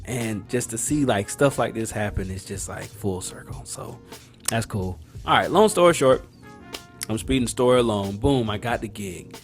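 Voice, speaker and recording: A man's voice: on the low side, moderate pace, faint music behind. A man hosting a podcast, telling a story casually with slang and acting out the voices and reactions of the people in it. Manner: animated, acts out dialogue and reactions; slangy, conversational. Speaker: podcast host.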